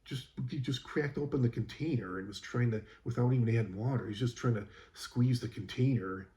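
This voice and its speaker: Mellow-voiced man telling a work story. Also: medium pitch, a little fast. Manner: rambling, exasperated recounting with many fillers. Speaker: school custodian. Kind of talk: casual storytelling.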